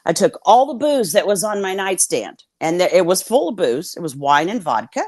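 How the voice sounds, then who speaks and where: A woman's voice: fairly low pitch, sing-song, normal speed, darkish tone, no room sound. Blunt, swearing woman with a dry, close sound. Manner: blunt, swears freely, acts out quoted dialogue. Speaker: guest. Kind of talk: candid storytelling in a conversation.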